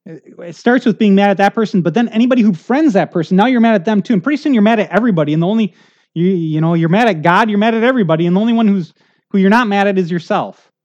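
A man's voice: sits high, rapid-fire, darkish tone, lo-fi sound. A middle-aged male pastor preaching a sermon in a conversational, earnest way, often checking in with the congregation.

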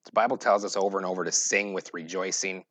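A pastor preaching a sermon, moving between loud, emphatic scripture reading and quiet, joking asides. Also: male voice, low-pitched, steady tone, quick pace, no room sound. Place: church.

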